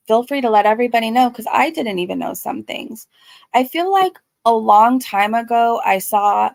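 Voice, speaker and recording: A woman chatting on a casual livestream, earnest and soft-spoken, with a gravelly fry running under her mid-pitched voice. She reads viewer comments and answers them with many ums and likes. The sound is close and dry, with no room around it. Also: no echo. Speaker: YouTube commentary host reading live chat.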